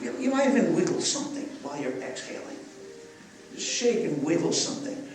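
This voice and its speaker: A man's voice: high-pitched, brisk, noisy background. Older man teaching breathwork, echoey far mic. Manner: animated, guiding the crowd through breathing. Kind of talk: live workshop talk to an audience. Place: live event venue.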